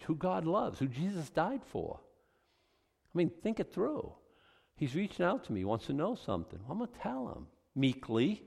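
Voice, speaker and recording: A man's voice: a little high, very animated, normal speed, vocal fry, darkish tone, big-room sound. A male pastor teaching a Bible study, fired up and emphatic, with conversational asides to the congregation.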